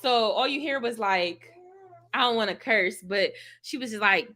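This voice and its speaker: A woman vlogger telling a funny story in casual chat, animated and laughing, acting out quotes with big jumps in her voice. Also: fairly high pitch, moderate pace.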